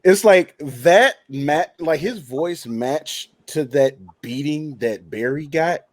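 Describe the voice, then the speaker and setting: A man in a casual entertainment chat who rambles excitedly and uses a lot of fillers. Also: fairly high pitch, slow pace, dry recording.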